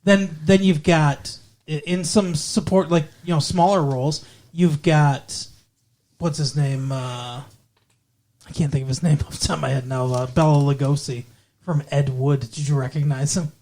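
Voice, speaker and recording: A man's voice: fairly high pitch, steady tone, normal speed, darkish tone. Rambling male podcast co-host. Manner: rambling, digressive, corrects himself mid-sentence. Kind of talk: casual movie podcast chat.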